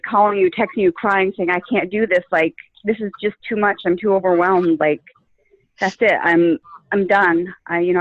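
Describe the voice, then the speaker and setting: A woman's voice: fairly low pitch, no echo. Woman on a tinny, phone-like line. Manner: earnest, with frequent fillers. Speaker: guest sharing her coaching story. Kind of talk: casual interview.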